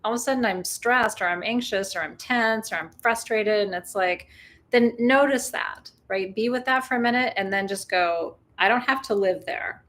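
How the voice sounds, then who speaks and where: A woman's voice: on the high side, moderate pace, a bit bright. A woman hosting a full moon ritual, chatting casually and calling in guides with playful whoops. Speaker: spiritual ritual host. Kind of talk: casual livestream ritual talk.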